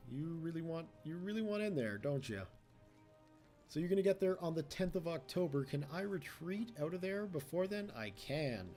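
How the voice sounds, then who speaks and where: A man's voice: fairly high pitch, dark tone. A man giving casual gameplay commentary as a let's play host, chatty and teasing the computer opponents.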